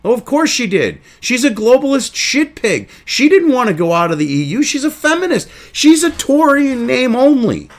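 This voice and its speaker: A man's voice: very high voice, very animated, normal speed, hardly any pauses. A man hosting a crude, indignant commentary show, reading news excerpts aloud and then ranting about them. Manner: reads article excerpts then reacts.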